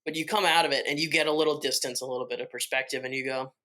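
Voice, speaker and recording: A man's voice: mid-range voice, steady tone, very fast, pushed and bright. A man co-hosting a podcast, talking casually about a film with restarts and acted-out quotes. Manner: rambling restarts, acts out quoted reactions. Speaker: podcast co-host. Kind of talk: casual film review chat.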